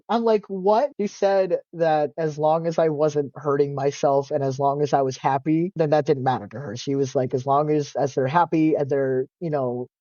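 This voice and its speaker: A man talking as a podcast guest, loose and chatty, with lots of filler words and easy swearing. His voice is warm and mellow in a dry, close sound. The audio is a bit dull and lo-fi. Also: on the high side, no room sound. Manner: casual, animated storytelling, heavy use of "like", swears freely. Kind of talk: casual interview chat.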